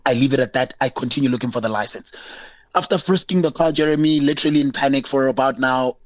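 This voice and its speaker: A South African man phones in to a radio show and animatedly tells about a roadside incident, acting out both sides of the conversation. His mid-range voice comes quickly, with no echo and the highs cut off.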